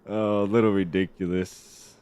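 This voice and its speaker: On a lo-fi recording, a lowish-voiced man plays a survival game on stream, rambling casually and chatting with his viewers in a relaxed way, giving easygoing live commentary.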